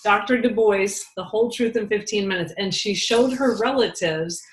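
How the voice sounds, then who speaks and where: A woman's voice: mid-range voice, moderate pace, roomy sound, low-quality recording. A woman leading a casual team talk, telling chatty stories and laughing easily. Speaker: team leader.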